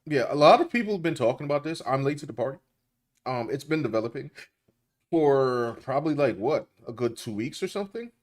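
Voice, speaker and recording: Guy rambling thru a casual commentary chat, loose and colloquial, mid-pitched voice. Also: animated, fairly quick. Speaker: co-host.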